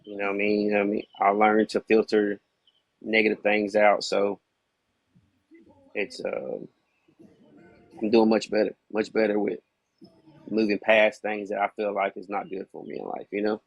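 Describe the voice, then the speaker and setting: A man's voice: on the low side, completely flat delivery, moderate pace, long pauses, no echo. A man guesting on a podcast, casually and candidly telling a hard personal story, peppered with "you know what I mean.".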